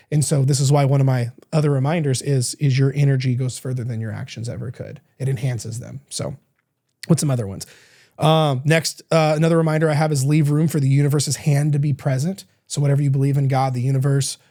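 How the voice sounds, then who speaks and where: A man's voice: medium pitch, mellow. A man hosting a podcast as a coach, talking in an earnest, rambling way with frequent restarts and self-corrections. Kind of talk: casual reflective podcast monologue.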